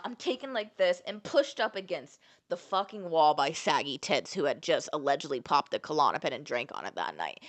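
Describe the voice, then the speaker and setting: A woman's voice: lowish voice, a bit bright, no echo. Profane, dramatic woman telling a story. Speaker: storyteller recounting a fight. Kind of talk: casual storytime vlog.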